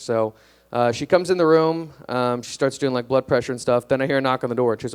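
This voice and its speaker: A young man doing a stand-up comedy set on a club stage, deadpan and self-deprecating, hesitant with fillers. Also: mid-range voice, fast, clean tone.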